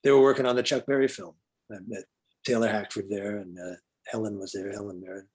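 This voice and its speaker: A man's voice: on the low side, fairly even intonation, quick pace, husky. An older man, a veteran guitarist, telling laid-back stories as an interview guest. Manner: laid-back, warm storyteller. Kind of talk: relaxed interview storytelling.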